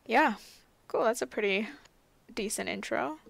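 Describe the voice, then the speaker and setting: Young woman chatting about books, relaxed and giggly, a bit of fry, dry sound. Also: a little high, a little slow, dry recording. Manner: giggly, laid-back, frequent laughs and fillers. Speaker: podcast co-host. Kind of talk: casual book chat.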